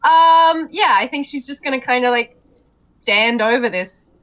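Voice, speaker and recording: A woman's voice: sits high, lively intonation, a little slow, a bit bright, rough recording. A woman playing in a tabletop game, hesitant and giggly, describing her character's actions. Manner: giggly, hesitant, lots of ums. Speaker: player.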